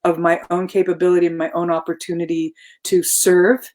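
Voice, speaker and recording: A woman's voice: lowish voice, little pitch movement, fairly quick, darkish tone. A woman speaking as a guest on a spiritual talk show, reflective, repeating herself and laughing easily.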